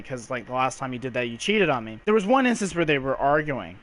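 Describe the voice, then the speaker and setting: A man's voice: medium pitch, big pitch swings, fast talker, a bit bright. A man co-hosting a casual movie review podcast, rambling and acting out quotes, with some swearing. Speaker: podcast co-host.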